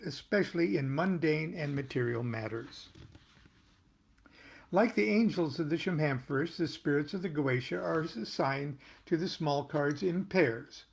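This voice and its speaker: An older American man reading aloud from his own tarot booklet, pausing to explain terms and make small jokes. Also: a little high, expressive, vocal fry, husky. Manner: unhurried, stops to explain and joke. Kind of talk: casual reading with asides.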